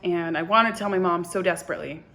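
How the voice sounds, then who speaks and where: A woman in her twenties telling a personal story to camera in a halting, emotional way, often dropping to a hushed voice. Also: lowish voice. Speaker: vlogger.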